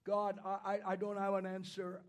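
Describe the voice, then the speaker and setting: A man preaching a sermon, moving from quiet, halting storytelling into impassioned shouting. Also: sits high, monotone.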